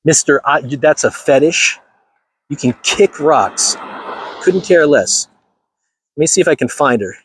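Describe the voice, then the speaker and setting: Emphatic husky man ranting to viewers. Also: a little high, expressive, a little slow, pauses often. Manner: emphatic, repetitive, addresses viewers directly. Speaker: channel host. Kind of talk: ranting casual livestream.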